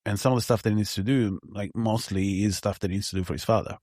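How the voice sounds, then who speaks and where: A man co-hosting a film podcast in casual conversation, animated, laughing through his stories and swearing often. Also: lowish voice, fast talker, dry recording, clean studio sound.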